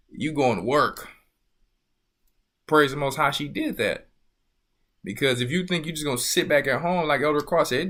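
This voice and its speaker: Bright-voiced preaching man, emphatic. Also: mid-range voice. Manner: emphatic, rhetorical questions, scolding. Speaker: church elder. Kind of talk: preaching talk.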